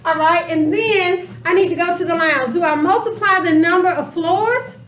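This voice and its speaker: A woman's voice: very high-pitched, moderate pace, fairly bright tone. A woman teaching a math class, questioning her students and stretching out words for emphasis. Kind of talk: classroom lesson. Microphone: camera across the room. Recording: echoey classroom from far off.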